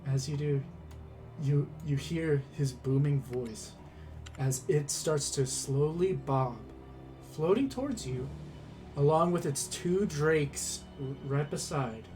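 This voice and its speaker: Slow-narrating male game master. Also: on the high side, darkish tone, faint music behind. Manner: slow, descriptive narration with restarts.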